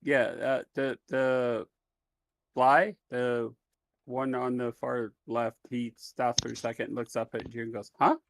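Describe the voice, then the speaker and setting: A man runs a tabletop game and speaks slowly and hesitantly. His delivery is plain and unhurried. The recording is dry and close. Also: mid-range voice, little pitch movement, vocal fry, dry recording. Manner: slow, hesitant, plain-spoken. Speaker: game master.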